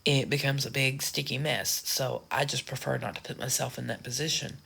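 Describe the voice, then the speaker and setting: A woman's voice: a bass voice, steady tone, brisk, gravelly, fairly bright tone, husky. A woman from the United States talking frankly and ramblingly in a casual vlog. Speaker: social media creator.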